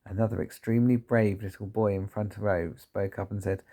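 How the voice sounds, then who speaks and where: Man with a gravelly low voice reading aloud. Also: little pitch movement, normal speed, warm tone. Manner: stumbles and corrects himself. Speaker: reader. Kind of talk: reading a children's book aloud.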